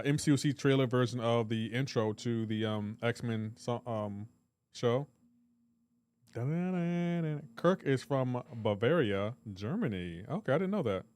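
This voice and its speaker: A man's voice: medium pitch, no room sound. Male streamer, casual and joking, reading chat aloud on a live stream, dry close sound, mid-range voice.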